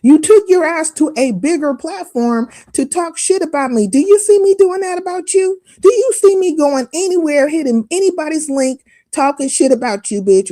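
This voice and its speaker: A woman's voice: fairly high pitch, dark tone, no room sound, studio quality. A woman hosting a live stream, delivering a heated, profane, confrontational rant full of mocking asides.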